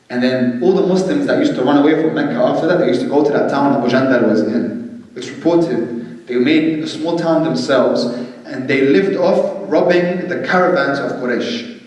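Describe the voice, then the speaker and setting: Male religious storyteller, animated and dramatic, mid pitch, heard off-mic in a reverberant hall. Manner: animated storytelling that acts out quoted speech. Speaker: religious speaker. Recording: echoey hall, distant mic.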